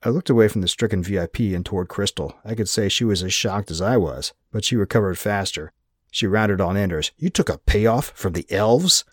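A man giving a wry, measured first-person narration of an audiobook. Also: sits low, husky, dry recording, clean studio sound.

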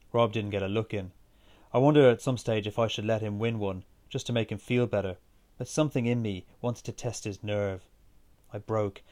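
Guy reading his story out, steady pace, lowish voice. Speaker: narrator. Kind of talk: reading a first-person story aloud.

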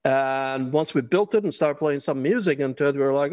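A man's voice: mid-range voice, brisk, hardly any pauses, a little mellow, dry recording. Man, dry close sound. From Iran. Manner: chatty, laughs often, wry asides. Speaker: guest. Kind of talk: casual interview conversation.

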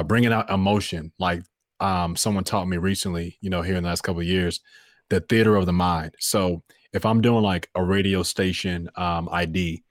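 A man in his thirties speaks with a very low, deep voice. He talks earnestly and reflectively as a podcast guest, with plenty of fillers and restarts. The sound is dry and close. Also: no room sound. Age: 30s. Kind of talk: casual podcast conversation.

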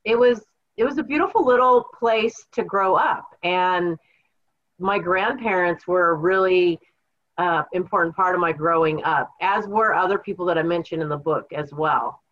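A woman's voice: fairly low pitch, normal speed, muffled recording. A woman from Washington State's Kittitas Valley, a podcast guest and author, telling her story in an earnest, reflective way. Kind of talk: conversational podcast interview.

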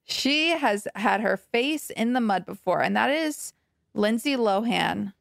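Gravelly-voiced woman podcast co-host. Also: a little high, expressive, unhurried, no echo, clean studio sound. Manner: chatty, laughs often, gossipy. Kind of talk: casual gossip chat.

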